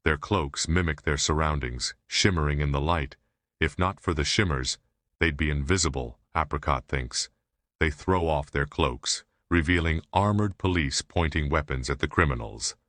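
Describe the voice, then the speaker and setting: A man reading an audiobook aloud in a steady, measured narration. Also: very deep voice, no room sound. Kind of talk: scripted narration.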